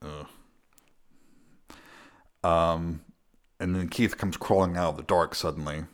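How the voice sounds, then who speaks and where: A man's voice: sits low, steady tone, takes it slowly. A man co-hosting a podcast, casually recapping a horror film and chuckling often. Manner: laid-back storyteller, chuckles often. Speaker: podcast co-host.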